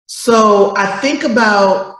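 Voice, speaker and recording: Slow-talking woman co-host in a roomy space. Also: mid-range voice, fairly bright tone. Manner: explains slowly, then acts out quoted voices. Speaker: talk show co-host. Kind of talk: casual chat, reading definitions aloud.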